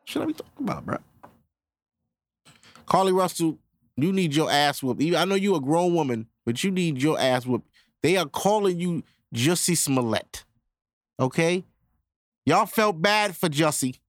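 A man's voice: fairly high pitch, expressive, a little slow, pauses often, no room sound. A man hosting his own podcast, ranting casually and profanely straight to his listeners. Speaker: podcast host. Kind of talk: casual solo podcast rant.

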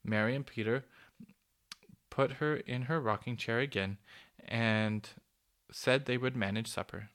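A man reading a children's story aloud in a gentle, measured way. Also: medium pitch.

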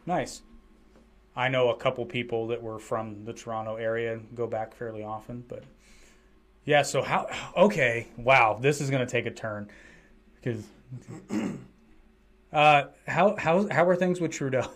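An American man hosts a casual podcast chat, voicing opinions in a rambling, restless way. His voice sits at an everyday middle pitch, and he keeps circling back to restart his sentences. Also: measured pace, pauses often, a bit bright. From United States. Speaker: podcast host.

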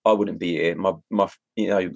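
Man, low husky voice, teasing livestream co-host, dry sound. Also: fairly even intonation, moderate pace, a little mellow, dry recording. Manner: laughing, teasing, reads out viewer comments. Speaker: podcast co-host. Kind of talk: casual banter on a livestream.

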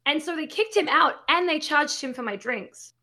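A woman's voice: high-pitched, animated, normal speed, bright, forceful tone. A woman in her thirties chatting casually on a podcast, blunt and sweary, with lots of fillers. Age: 30s. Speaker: podcast co-host.

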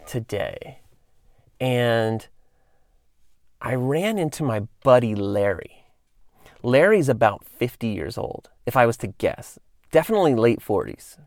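A man in his late thirties talks in a loose, wandering monologue, with plenty of "um"s and side tangents. His voice is gravelly with a mid-range pitch. The sound is dry and close, with no room around it. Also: no echo. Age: 30s. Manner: rambling, tangents, many fillers. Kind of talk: casual storytelling monologue.

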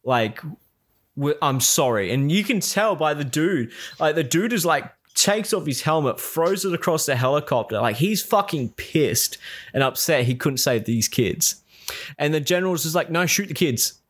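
A man in casual chat, retelling a series with lively put-on quotes and frequent swearing. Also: a little high, normal speed. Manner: animated, acts out characters' lines, swears freely.

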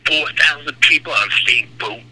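Man doing a high-pitched, swooping, crude rock-star send-up over a noisy radio line. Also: normal speed, close to an everyday voice. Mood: mocking. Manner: crude, sarcastic, gossipy, calls the host by name. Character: brash aging male rock star, crude and mocking. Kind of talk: comedic impression on a radio call.

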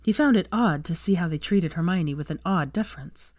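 A woman reading fan fiction aloud as a steady storybook narration. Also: on the low side, fairly quick, no echo, studio quality.

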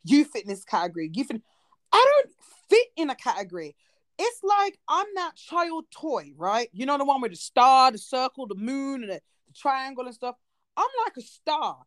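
A woman in her thirties chatting casually on a talk show, animated and expressive, with quick asides. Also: high voice, no room sound, studio quality. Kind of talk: casual chat.

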